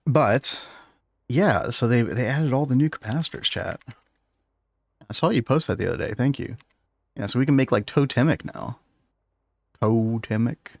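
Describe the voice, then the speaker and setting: A man's voice: mid-range voice, gravelly, dry recording. Chatty man streaming a game. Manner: chatty, laughs often, talks to chat. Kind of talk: casual gaming livestream chat.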